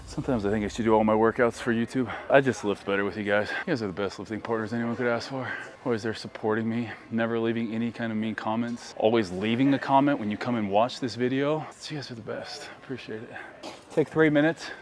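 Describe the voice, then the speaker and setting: Quick-paced and steady in tone, a fitness vlogger with a medium-pitched voice records a laid-back workout video. He kids around and fires up the viewer while training, at times catching his breath.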